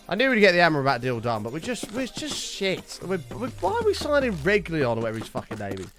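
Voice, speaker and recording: A man's voice: on the high side, a bit bright. A British man chatting live to his stream viewers, ranting heatedly and swearing often. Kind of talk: casual live-stream chat.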